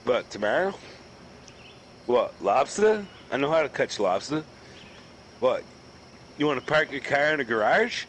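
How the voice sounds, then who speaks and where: A man's voice: mid-range voice, animated, unhurried, pauses often, fairly bright tone, a little hiss or hum, rough recording. East coast guy swearing and ranting while gaming, voice jumps all over, crickets faint behind. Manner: profane, ranting, heated. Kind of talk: casual chat while gaming.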